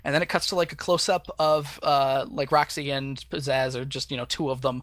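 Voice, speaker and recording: A man co-hosts a podcast and talks through a cartoon episode in a loose, rambling way, full of fillers and quick laughs. His voice sits at an average pitch. The recording is dry and close, with no room sound. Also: steady tone, fairly bright tone, dry recording. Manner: rambling, laid-back, laughs often, frequent fillers. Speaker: podcast co-host. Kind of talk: casual podcast chat recapping a cartoon.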